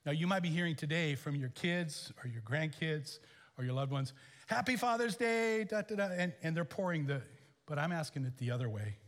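A man preaching a sermon as pastor, animated, with chuckles and emphatic questions. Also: fairly high pitch, fairly quick. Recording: echoey hall.

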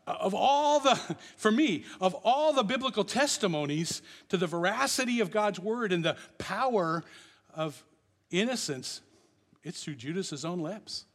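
A man preaching a passionate sermon as pastor, swinging between loud declarations and hushed, quiet lines. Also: sits high, animated, measured pace, in a large hall.

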